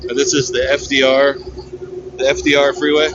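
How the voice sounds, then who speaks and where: A man's voice: medium pitch, flat delivery, moderate pace, lo-fi sound, very noisy. A man casually narrating a livestream tour from a ferry deck, chatty and jokey, on a handheld phone. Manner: laid-back, chatty, jokey. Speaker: vlogger. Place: outdoor deck of a river ferry.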